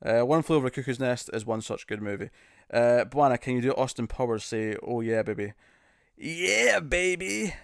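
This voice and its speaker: A British man chatting live with his viewers in a loose, joking way, often breaking into laughter. His voice sits at an ordinary middle pitch. It sounds close and dry, with no room around it. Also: fairly even intonation, brisk, few pauses, darkish tone, clean tone, no echo. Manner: laughing, jokey, attempts bad celebrity impressions. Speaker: streamer host. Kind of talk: casual live-stream chat.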